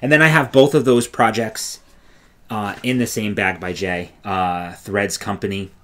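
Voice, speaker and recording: Low-voiced man chatting about knitting. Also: fairly even intonation, unhurried. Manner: enthusiastic, meandering, lots of fillers. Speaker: podcast co-host. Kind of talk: casual knitting podcast chat.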